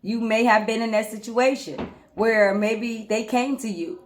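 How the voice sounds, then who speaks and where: Lively woman chatting a story to her viewers, kinda high voice, keeps saying right and guys. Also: measured pace, a little hiss or hum. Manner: animated, repeats "right?" and "guys", laughs often. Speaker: life coach, channel host. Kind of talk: casual storytelling to camera.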